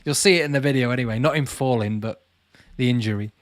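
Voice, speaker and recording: A man's voice: medium pitch, fast talker, no echo, studio quality. A man hosting a casual livestream, reading out viewers' comments and chatting back to them. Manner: chatty, calls viewers mate, reads comments aloud. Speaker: channel host answering live chat.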